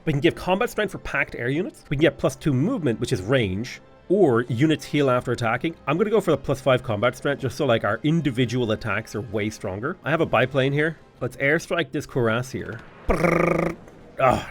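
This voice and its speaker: A man's voice: medium pitch, lively intonation, fairly quick, faint music behind. Chatty Irish man playing a strategy game. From Ireland. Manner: chatty, thinks aloud, enthusiastic. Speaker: gaming YouTuber. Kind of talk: let's play commentary.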